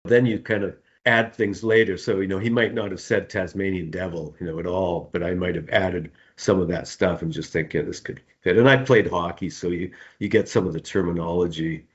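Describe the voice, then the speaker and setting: A middle-aged male author answering interview questions in a relaxed, rambling way, often repeating words and laughing. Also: low-pitched, fairly quick, few pauses. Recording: dull, muffled sound.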